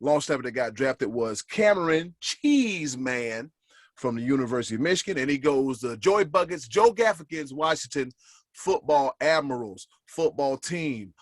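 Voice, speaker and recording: Lively joking man on a sports podcast. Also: medium pitch, normal speed, dry recording. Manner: animated, joking storyteller. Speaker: podcast co-host. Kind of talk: casual sports banter.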